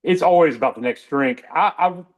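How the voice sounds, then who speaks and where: A middle-aged man speaking with a somewhat high voice in a candid interview. He rambles, circles back and restarts his sentences as he talks. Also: fairly quick. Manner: rambling, restarts often, emotional about friends. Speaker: podcast guest, author.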